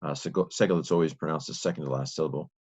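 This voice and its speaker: A man teaching, reading a text aloud letter by letter and thinking aloud in a slow, halting way. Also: extremely low pitch, steady tone, a little mellow, slightly rough.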